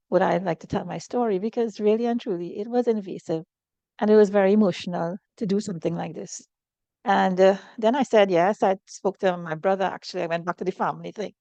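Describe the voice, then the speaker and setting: Gravelly, mellow woman. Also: medium pitch, no echo. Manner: earnest and reflective, speaks openly about hardship. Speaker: interview guest. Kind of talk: candid personal interview.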